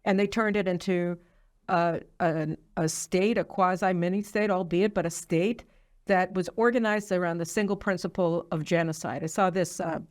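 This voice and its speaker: A woman's voice: on the low side, fairly even intonation, moderate pace. A woman hosting a political commentary show, talking in an opinionated way with many fillers. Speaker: host.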